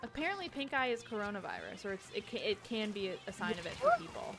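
A woman's voice: medium pitch, huge pitch swings, fast talker, music in the background. A woman hosting a charity game stream in casual chat, giggly and chatty as she reads out donations.

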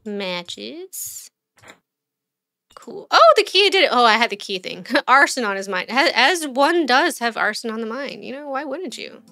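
A woman's voice: on the high side, big pitch swings, a little slow, pushed and bright, no room sound, studio quality. A woman streamer giving casual let's-play commentary, chatty, thinking aloud and quizzing the game characters.

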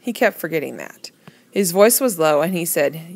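A woman's voice: lowish voice, very animated, normal speed. Woman reading a novel aloud. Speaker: reader.

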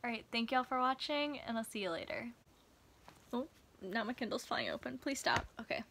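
Bright, gushing woman book vlogger. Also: a little high, moderate pace. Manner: gushing, excitable, chatty. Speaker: book reviewer. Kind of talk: casual vlog review.

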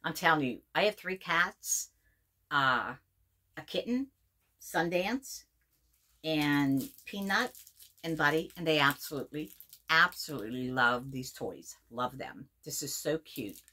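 A woman's voice: deep voice, expressive, measured pace, sharp tone. A middle-aged woman from Pennsylvania reviewing a subscription box in a casual unboxing video, gushing and repeating her words as she reads labels aloud.

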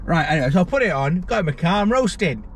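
A man's voice: fairly high pitch, big pitch swings, quick pace, noisy background. A British man casually vlogging his day, chatty and self-mocking, with playful sing-song asides. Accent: British English. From Britain. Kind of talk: casual vlog chat.

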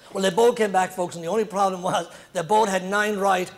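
High-voiced, animated Irish-born comedian. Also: male voice, a little fast. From Ireland. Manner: animated, punchy storytelling, laughing at his own jokes. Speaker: stand-up comedian. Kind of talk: stand-up comedy routine.

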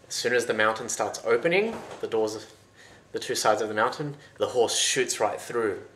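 A man retelling a folktale in a loose, lively, conversational way. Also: fairly low pitch, moderate pace, slight background noise. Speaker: storyteller. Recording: roomy echo.

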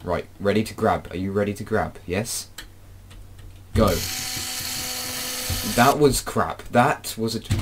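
A young British man giving playful Let's Play commentary, breaking into frustrated shouts. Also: fairly low pitch, moderate pace, long pauses, background noise. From Britain. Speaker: gaming YouTuber.

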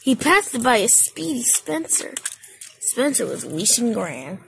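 Woman, amateur storyteller; high, gravelly, slow, stumbling through the script. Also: sing-song, noisy background. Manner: halting, stumbling, with frequent slips and restarts. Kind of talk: amateur narration of a toy-train story.

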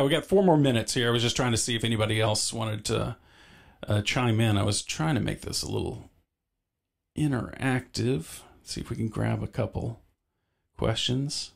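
A male stream host with a gravelly, fry-laden voice, easygoing and unhurried. He keeps the chat moving by prompting questions at an ordinary middle pitch.

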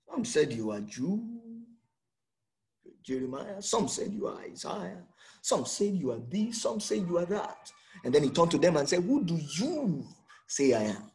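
A man preaching a sermon, acting out quotes and swinging between shouts and hushed lines, repeating words for emphasis. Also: a little high, sing-song, unhurried, vocal fry, pauses often. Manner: dramatic, swings from loud to hushed, acts out quotes.

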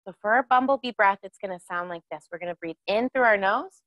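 A woman's voice: mid-range voice, fast, dry recording, lo-fi sound. A woman leading a children's yoga class, cheerful and encouraging, asking the kids questions as she guides their breathing.

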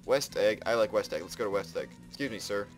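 A man doing casual game commentary, his low voice swinging widely as he exclaims and narrates his every move. Game music plays clearly behind him. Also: fast. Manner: excitable, exclaims and narrates his own actions. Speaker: let's play gamer.

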